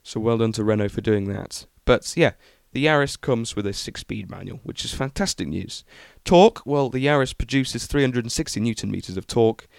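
A man's voice: medium pitch, lively intonation, fairly quick, gravelly, hardly any pauses, smooth, dry recording, clean studio sound. A young man hosting a podcast, chatting casually and enthusiastically about car news with lots of ums. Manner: rambling, enthusiastic, many ums. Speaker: podcast host.

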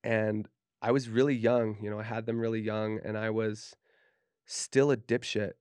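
A man's voice: on the low side, flat delivery, normal speed, darkish tone, clear, resonant tone, no room sound, studio quality. A man from Utah, a tattoo artist guest on a podcast, telling his story in a candid, profane, casual way and acting out what people said. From Utah, USA. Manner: candid, profane, acts out quoted speech.

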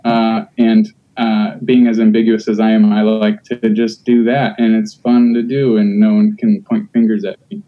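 A man's voice: lowish voice, flat delivery, normal speed, hardly any pauses, dull audio, faint music behind. A man chatting casually on a podcast, rambling with many fillers and restarts. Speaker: podcast host.

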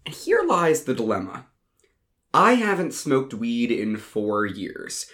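A man's voice: medium pitch, wildly swooping pitch, slow pace, fairly bright tone. A man narrating an audiobook in the first person, in a wry, casual way.

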